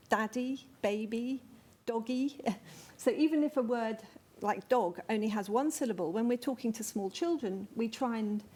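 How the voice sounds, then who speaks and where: A woman lecturing at an academic conference, in a slightly high voice. She explains each point step by step, pausing on small fillers and restarting a phrase now and then. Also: darkish tone. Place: conference venue.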